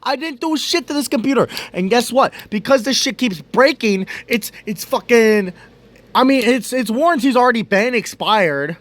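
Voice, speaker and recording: In a swearing rant video, a young adult vlogger vents his exasperation and keeps breaking into laughter. He speaks expressively at normal speed in a very high-pitched voice.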